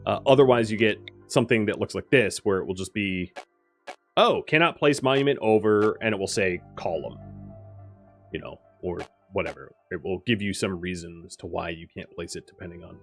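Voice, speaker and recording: A man with a somewhat low voice talks through his strategy game as he plays. He explains the rules in an easy, rambling way, full of fillers, while faint music plays underneath. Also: fairly quick, creaky. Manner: thinking aloud, explanatory, with frequent fillers. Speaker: gaming video host. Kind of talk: casual game commentary.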